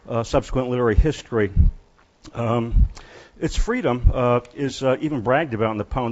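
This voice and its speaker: A male literature professor gives a university lecture in a lecture hall, speaking in a halting way, often pausing and starting over. His voice sits at an ordinary middle pitch. The recording sounds a little muffled and dull. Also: a little mellow.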